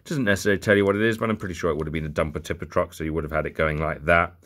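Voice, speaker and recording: Rapid-fire and fairly bright, a young man's low voice keeps a fairly even intonation. He's a toy collector vlogger rambling jokily through a bag of old toy cars, with muttered asides in his casual unboxing talk.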